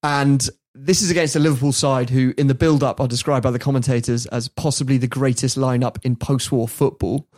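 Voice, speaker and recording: A man, hosting a podcast and telling anecdotes in a lively, laughing way. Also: medium pitch, a little fast, hardly any pauses. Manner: animated, laughs while telling stories. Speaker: podcast host. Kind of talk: storytelling in casual chat.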